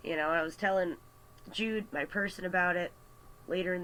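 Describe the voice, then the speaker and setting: A man telling a story on a casual vlog, animated and chatty with lots of fillers, into a computer mic. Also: sits high, normal speed, a little hiss or hum, poor audio. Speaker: artist vlogger. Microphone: webcam or computer mic.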